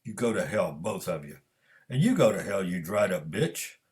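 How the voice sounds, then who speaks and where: A man's voice: deep voice, very animated, normal speed, darkish tone. A man voicing a self-righteous churchgoing woman who scolds in a preachy, condemning way. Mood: furious.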